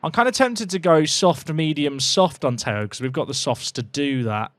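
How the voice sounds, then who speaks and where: A young man giving excitable, jokey commentary while playing a racing game, talking to his chat and shouting at his drivers. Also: a little high, moderate pace, no echo, clean studio sound. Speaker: gaming video creator. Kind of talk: casual gameplay commentary.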